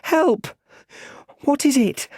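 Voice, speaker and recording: A man's voice: sing-song, moderate pace, slightly rough, no room sound, clean studio sound, heavily acted. A man voicing a frightened young boy who cries out in pain and panic in an audiobook. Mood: panicked. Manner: high shrieking cries for help. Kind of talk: audiobook character reading.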